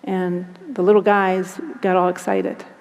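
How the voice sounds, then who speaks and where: A woman tells a personal story in an earnest, halting, reflective way. Her voice is gravelly and stays fairly flat in pitch. The recording carries a long, hall-like reverb. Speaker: guest recounting abduction experiences.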